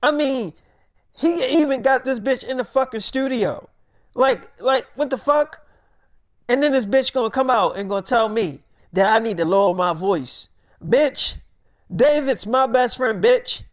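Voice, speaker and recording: A man's voice: very high-pitched, a little slow, dry recording, pitched above the performer's own voice. A man voicing a furious young male rapper who rants with constant profanity during a live stream. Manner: profane shouting rant.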